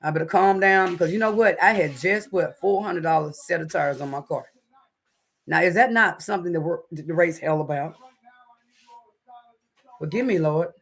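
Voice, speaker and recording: A woman's voice: lowish voice, moderate pace, creaky, long pauses, rough recording. A woman with a Southern North Carolina accent hosting a casual home livestream, chatting to viewers as y'all and swearing then apologizing. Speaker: cooking channel host. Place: home, indoors.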